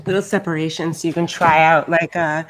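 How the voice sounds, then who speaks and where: A woman's voice: low voice, fairly quick. Chatty woman giving advice on a panel. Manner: animated, chatty, gives advice. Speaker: panelist on a roleplay stream. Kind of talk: casual panel discussion.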